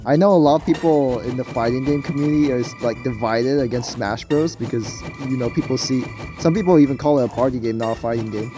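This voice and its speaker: A man's voice: medium pitch, fast, few pauses, over music. Nasal young man rambling about games. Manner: rambling, hesitant, many fillers and restarts. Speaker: gaming video creator. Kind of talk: casual gameplay commentary.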